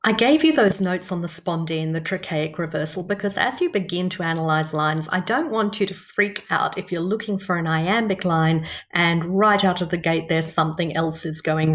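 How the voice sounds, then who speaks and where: A woman with an Australian accent, teaching Shakespeare's verse in a clear, measured way and tapping out the rhythm as she speaks. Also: on the low side. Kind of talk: scripted instructional explanation.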